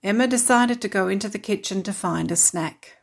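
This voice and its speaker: A woman reading a children's story aloud, narrating steadily and clearly. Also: medium pitch, normal speed.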